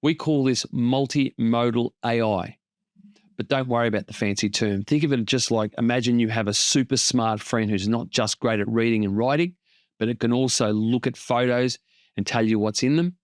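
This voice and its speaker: A man with a medium-pitched voice and moderate pace hosts a casual tech explainer, recorded dry with clean studio sound. He walks through tools in plain language, adding light jokes as he narrates.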